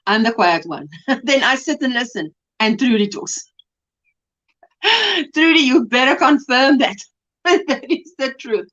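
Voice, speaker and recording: A woman's voice: high voice, expressive, slow pace, long pauses, a bit bright. A middle-aged South African woman hosting a casual livestream, chatty and full of greetings and fillers. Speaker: livestream host. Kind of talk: casual livestream chat, reading comments. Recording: slightly dull lo-fi stream audio.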